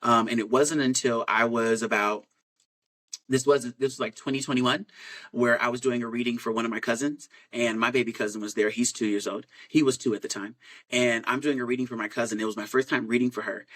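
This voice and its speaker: Casting: candid male storyteller, mid pitch, loose rambling delivery. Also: steady tone, a little fast, a bit bright, poor audio. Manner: rambling, frank, with many "like" fillers and restarts.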